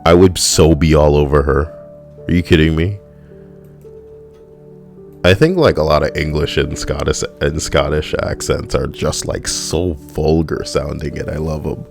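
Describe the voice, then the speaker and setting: A man hosting a comedy video, reading out a funny list and making sarcastic, quick asides. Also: rumbling low, steady tone, creaky, soft background music. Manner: sarcastic, quick asides, laughs at own jokes.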